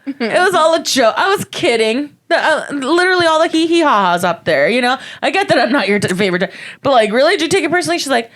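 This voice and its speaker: A young woman stand-up comic chatting on a podcast, swearing often, laughing and acting out quotes in a high voice. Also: big pitch swings, fast talker, fairly bright tone. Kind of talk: casual chat, storytelling.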